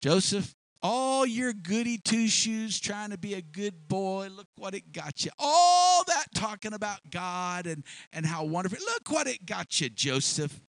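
A man's voice: sits high, sing-song, unhurried, few pauses, fairly bright tone, dry recording, voice pushed up, heavily acted. A man voicing a sneering tempter. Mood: taunting. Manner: sneering, taunting. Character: mocking taunting tempter voice.

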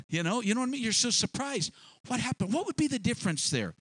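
A man's voice: very high-pitched, sing-song, quick pace, a bit bright, slightly rough, no room sound. A man preaching a sermon, telling a story and acting out small scenes in changing voices.

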